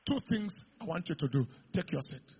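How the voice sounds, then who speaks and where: Raspy high-voiced preacher. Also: male voice, animated, moderate pace, highs cut off. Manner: preaching, builds to shouted declarations. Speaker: pastor. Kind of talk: sermon.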